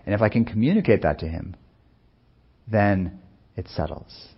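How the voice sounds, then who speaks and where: Low gravelly man giving a meditation talk. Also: dull audio. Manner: soft-spoken, unhurried, musing with many pauses. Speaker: meditation teacher. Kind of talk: reflective dharma talk.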